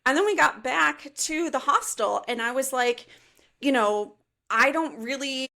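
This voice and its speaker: A woman in her thirties from the Chicago suburbs, a podcast guest telling travel stories in a lively, filler-heavy way. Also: high-pitched, unhurried, vocal fry. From suburbs of Chicago, USA. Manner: animated storyteller, many fillers like "like" and "you know". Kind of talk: casual interview chat.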